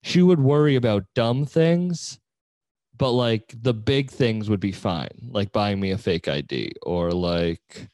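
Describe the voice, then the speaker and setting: A man's voice: fairly low pitch, slow pace, darkish tone, no room sound. A young man hosting a podcast in casual chat, laughing often and swearing as he tells stories. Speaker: podcast host.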